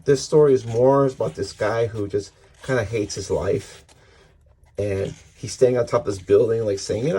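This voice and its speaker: A man talks through comic storylines in a loose, rambling way, acting out the characters' lines in quotes. His voice is dark and mellow with a husky edge. It sounds like casual podcast chat. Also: medium pitch, normal speed. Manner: rambling, retells scenes with quoted dialogue, frequent fillers. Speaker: podcast host reviewing comics. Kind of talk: casual spoken review.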